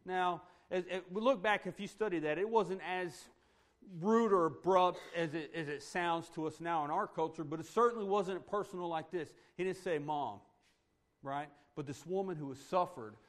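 A man preaching a sermon in a conversational way, checking in with "right?" and swinging between loud emphatic points and hushed, soft passages. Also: high-pitched, normal speed. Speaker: pastor.

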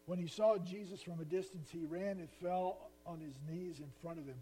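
An earnest male pastor preaches with emphasis, putting questions to his listeners. His voice is somewhat high yet mellow and warm, with a faint mains hum under the recording. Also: moderate pace, low-quality recording. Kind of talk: sermon.

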